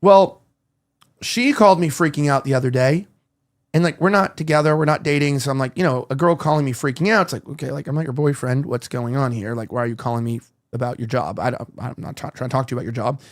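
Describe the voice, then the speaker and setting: A man's voice: mid-range voice, quick pace. A male podcast host in casual chat, rambling as he tells stories and acts out quoted dialogue.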